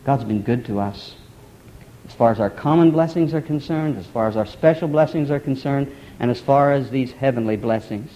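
A man's voice: on the high side, mellow. A man preaching a sermon, building emphatic rhetorical questions, in a dull lo-fi recording.

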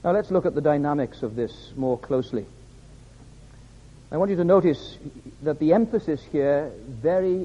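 A man's voice: on the high side, mellow. A man preaching a sermon in a church, stressing points by repeating his words. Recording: reverberant hall, dull lo-fi sound.

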